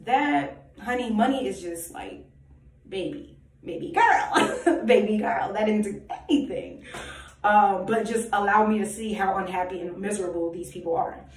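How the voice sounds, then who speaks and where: A woman's voice: medium pitch, normal speed, slight background noise. A woman giving an emphatic, preachy personal monologue full of rhetorical questions and repetition. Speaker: self-styled prophetic vlogger. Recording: echoey room, voice far from mic.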